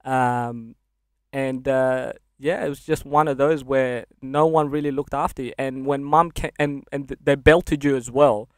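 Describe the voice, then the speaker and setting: A young man from Sudan, a podcast guest, candidly recounting a hard childhood in casual speech and laughing through dark memories. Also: medium pitch, fairly even intonation, measured pace, clean tone, no echo, studio quality. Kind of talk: casual interview storytelling.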